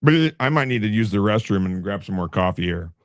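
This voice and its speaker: A man streaming late at night, mocking a clip with crude, animated commentary. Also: on the low side, brisk, dry recording, studio quality.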